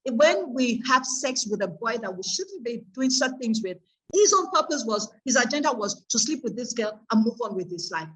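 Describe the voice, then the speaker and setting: A woman's voice: a little high, very animated, moderate pace, a bit bright, rough recording. A woman giving an earnest, faith-based teaching talk on peer pressure, asking her audience rhetorical questions. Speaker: course speaker on peer pressure.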